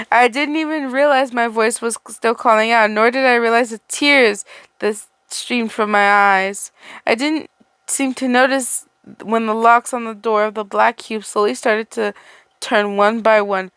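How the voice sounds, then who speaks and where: A woman's voice: a little high, fairly even intonation, measured pace, a bit bright, smooth, no room sound. A woman reading a fan fiction story aloud, stumbling and restarting words as she goes and breaking off into chatty asides. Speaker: story reader.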